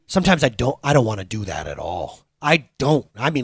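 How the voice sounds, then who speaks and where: A middle-aged man preaching a sermon, telling playful stories with loud bursts of excitement. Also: mid-range voice, brisk, hardly any pauses, breathy edge, dry recording, studio quality. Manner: animated, playful storytelling with bursts of loud exclamations. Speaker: pastor.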